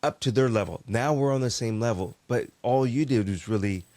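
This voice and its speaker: A man's voice: medium pitch, fairly quick, a little mellow, no echo. A man hosting a parenting podcast who reflects on his guest's stories and restates her points in his own words. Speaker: podcast host. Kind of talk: podcast interview conversation.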